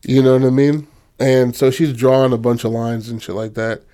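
A man casually pitching a film story, loose and profane, full of fillers, acting out characters in quick bursts. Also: steady tone, dark tone.

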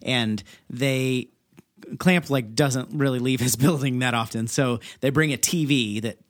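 A man's voice: medium pitch, unhurried, dry recording, clean studio sound. A man co-hosting a podcast, casually recounting film scenes in an easygoing way. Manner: relaxed storyteller, recounts scenes. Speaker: podcast co-host.

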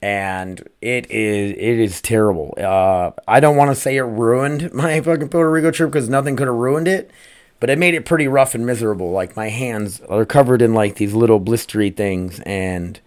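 A male podcast host talking off the cuff at a middle pitch. He rambles, swears freely and keeps tossing in "man" and "dude". His tone stays earnest and upbeat. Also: moderate pace, darkish tone. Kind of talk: casual solo podcast talk.

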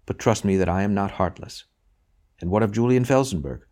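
Deep calm husband, grave and reassuring , man reading it for an audiobook. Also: fairly quick, lightly acted. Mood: soothing grave.

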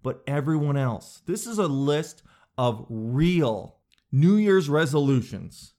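A man delivering a comedic monologue, sarcastic, breaking into high silly voices to mock people. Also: expressive, slow.

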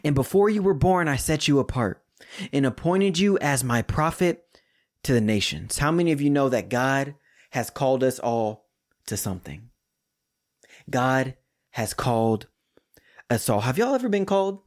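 Male podcast preacher, casual sermon, animated delivery with hushed low points, mid-range voice. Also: moderate pace, long pauses. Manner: animated, swings high for jokes and drops to hushed emphasis.

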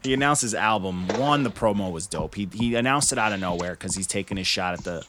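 A man chatting casually about rap, animated and profane, laughing often. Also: fairly low pitch, fast. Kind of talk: casual hip-hop chat. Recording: noisy background with clicks.

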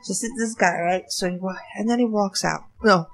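A woman, a former bartender, telling a story in casual chat, animated and laughing as she goes. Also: medium pitch, moderate pace, vocal fry.

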